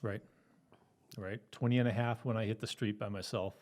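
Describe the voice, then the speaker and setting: A man's voice: on the low side, steady tone, normal speed, darkish tone. A middle-aged man, a retired police officer, telling his story in an easygoing interview with fillers and frequent laughs.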